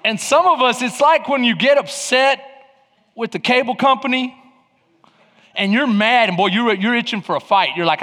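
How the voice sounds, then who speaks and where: A man preaching a sermon, telling stories animatedly with bursts of shouting. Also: very high voice, moderate pace, in a large hall. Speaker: pastor.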